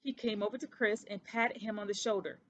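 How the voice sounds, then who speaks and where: A woman reading a children's picture book aloud as a storyteller, steady and unhurried. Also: medium pitch, a little hiss or hum.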